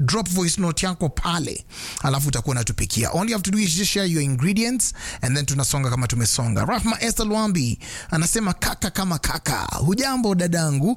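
Lively Kenyan radio host, dry sound. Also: male voice, fairly high pitch, fairly quick, no echo. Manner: lively, teasing, rattles off names and numbers. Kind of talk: casual radio chat with listener shout-outs.

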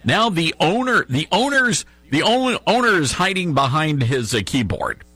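Husky, lively-pitched talk radio host. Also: male voice, moderate pace, no echo. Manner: sarcastic, mocking asides with chuckles. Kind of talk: conservative talk radio commentary. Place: radio studio. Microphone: studio microphone.

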